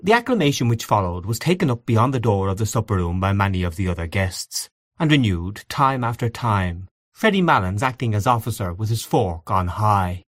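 A man narrating classic fiction in a measured, expressive audiobook reading. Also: on the low side, no room sound, clean studio sound.

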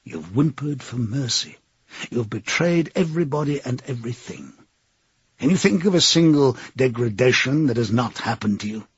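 A man reading the part of a cold, menacing middle-aged interrogator who speaks slowly and deliberately. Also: mid-range voice, animated, breathy edge, dry recording, muffled recording.

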